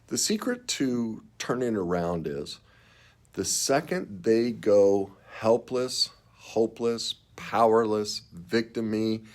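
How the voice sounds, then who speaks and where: Low-voiced man giving earnest relationship advice. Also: a little mellow. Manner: earnest, emphatic, acts out clients in quotes. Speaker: relationship coach. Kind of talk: direct advice to camera.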